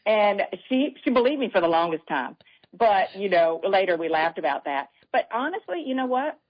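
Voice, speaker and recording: Southern grandma telling stories, lo-fi. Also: female voice, medium pitch, very animated, moderate pace. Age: older. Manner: warm storytelling. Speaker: guest author. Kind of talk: casual chat. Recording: dull lo-fi sound.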